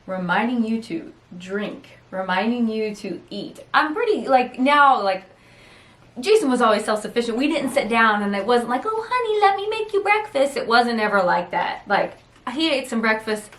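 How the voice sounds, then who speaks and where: Middle-aged woman caregiver, rambling chat, raised pitch, roomy home sound. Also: fairly bright tone. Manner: rambling, quick, chatty. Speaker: caregiver and host. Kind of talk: casual chat answering viewer questions.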